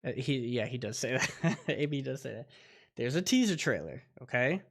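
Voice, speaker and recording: Lively, rambling male host. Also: mid-range voice, normal speed. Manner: rambling, reacts to clips aloud. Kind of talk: casual livestream chat.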